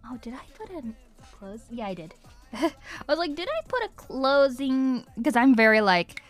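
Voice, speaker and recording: A woman's voice: high-pitched, sing-song, normal speed. A woman with an Irish accent, a voice actress chatting casually and giggling on a livestream while signing autographs at home. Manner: chatty and giggly, muses aloud while writing. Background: faint background music.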